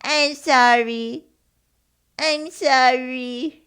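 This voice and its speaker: A woman mimicking a falsely sweet dental receptionist, in a high, drawn-out, babyish whine. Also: fairly even intonation, fairly bright tone, clean tone, full character voice. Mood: mock-sorry.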